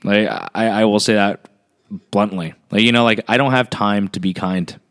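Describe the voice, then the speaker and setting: A man co-hosting a casual chat, talking fast with lots of fillers, swearing, joking and acting out quotes. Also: fairly low pitch, clear, resonant tone. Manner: animated, filler-heavy, swears and jokes, acts out quotes. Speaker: podcast co-host.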